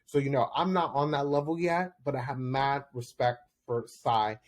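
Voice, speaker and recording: Male podcast host, mid-range voice, casual solo commentary, candid, laughs easily, spikes high when excited. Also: moderate pace. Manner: chatty, candid, with laughs and sudden high bursts.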